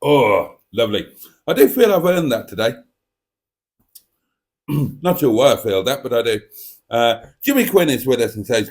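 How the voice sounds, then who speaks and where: Cheeky man, lively live-stream host. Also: medium pitch, moderate pace, pauses often. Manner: playful, cheeky and theatrical, reading out viewer comments. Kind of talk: casual live-stream chat.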